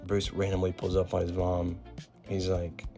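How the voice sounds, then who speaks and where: A man's voice: deep voice, monotone, normal speed, mellow, faint music behind. A man giving a casual, slangy recap of a comic, paraphrasing each scene in an offhand storytelling way. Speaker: comic book recap host.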